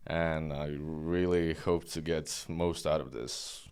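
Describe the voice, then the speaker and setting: A man's voice: rumbling low, level tone, takes it slowly, darkish tone, smooth. A man from Croatia, a guest on a casual podcast, speaking hesitantly with many fillers and easy laughs. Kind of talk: casual chat.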